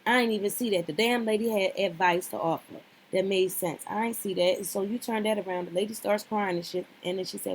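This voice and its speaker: A woman's voice: medium pitch, fairly quick, few pauses, a little hiss or hum. A woman giving casual, opinionated commentary as a vlogger, blunt and swearing freely, talking straight at the people she discusses and repeating herself for emphasis. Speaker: reality show recap vlogger.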